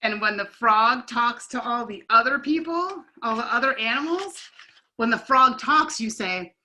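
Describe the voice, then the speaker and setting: A woman runs a children's online class, animated and encouraging as she narrates each imagined trip. Her voice is a little high and very lively, and it has a bright, sharp tone. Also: unhurried, poor audio. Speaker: camp instructor.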